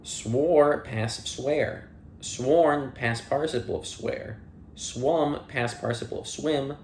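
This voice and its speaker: A man's voice: medium pitch, takes it slowly, darkish tone, a little hiss or hum. Man reading a dictionary, echoey room. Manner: plain reading with dry asides and playful slips. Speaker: audiobook reader. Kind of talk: reading dictionary entries aloud.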